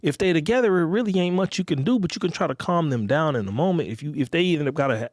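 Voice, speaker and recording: A man's voice: a little high, lively intonation, fast, no room sound, studio quality. A man hosting a podcast, talking in a casual, rambling, profane monologue and often checking in with his listeners. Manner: rambling, profane, repeats "you get what I'm saying". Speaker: podcast host.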